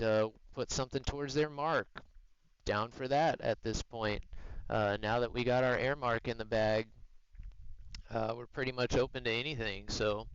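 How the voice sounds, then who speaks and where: A man's voice: mid-range voice, clean tone, dull audio. A man hosting a livestream, chatting in a laid-back, rambling way from home. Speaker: livestream host. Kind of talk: casual livestream chat.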